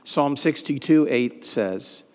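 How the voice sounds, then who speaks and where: A man's voice: mid-range voice, lively intonation, takes it slowly, darkish tone. A man preaching a sermon, reading scripture aloud with rising emphasis on the pleading lines. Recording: reverberant hall.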